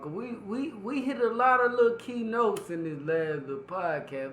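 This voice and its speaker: A man's voice: sits high, moderate pace, fairly bright tone, echoey room, slight background noise. A man co-hosting a casual podcast while he has the hiccups, talking loosely and profanely and repeating himself. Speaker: podcast co-host.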